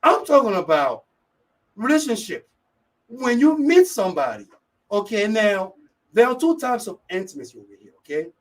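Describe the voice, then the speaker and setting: A man with a high voice hosts a live radio talk show, upbeat and energetic as he talks to his listeners. He keeps coming back to the same catchphrase. He sounds like he is sitting back from the microphone. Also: moderate pace, far from the mic, rough recording. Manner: energetic, keeps repeating "yes, indeed".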